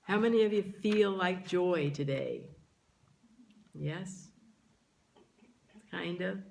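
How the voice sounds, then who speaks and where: Slow, low-voiced woman minister preaching. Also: vocal fry, darkish tone. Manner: drawn-out emphasis on key words, speaking to the congregation. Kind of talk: sermon. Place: church sanctuary.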